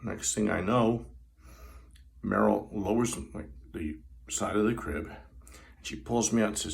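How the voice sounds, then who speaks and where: A man in his sixties telling a personal story, vivid and animated, acting out the scenes as he goes. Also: lowish voice, unhurried, vocal fry, pauses often. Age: 60s. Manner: vivid, animated retelling with sound effects.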